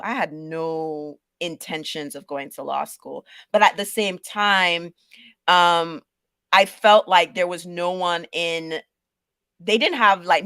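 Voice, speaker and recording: A middle-aged woman with a Caribbean-inflected New York accent speaks in a lowish voice. She tells stories in a lively way and laughs often. The sound is close and dry, with no room echo. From Caribbean background, raised in Brooklyn. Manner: animated storytelling, laughs often, restarts. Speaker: guest. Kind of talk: casual interview conversation.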